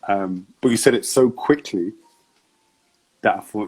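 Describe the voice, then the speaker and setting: Husky low-voiced male interview host. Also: a little slow, low-quality recording. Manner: relaxed, laughs often, plugs events. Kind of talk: casual interview hosting.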